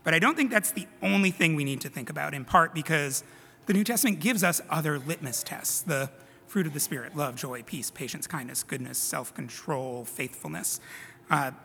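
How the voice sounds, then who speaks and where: A man's voice: a little high, normal speed, creaky, pushed and bright, in a large hall, slight background noise. A man preaching a sermon to his congregation in a conversational way, with casual self-deprecating asides. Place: church sanctuary.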